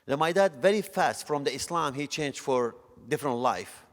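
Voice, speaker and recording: A man's voice: on the high side, lively intonation, moderate pace. Man from Iraq, echoing hall. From northern Iraq. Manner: earnest, in broken non-native English. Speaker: speaker giving a testimony. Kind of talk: personal conversion testimony. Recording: long reverb of a hall.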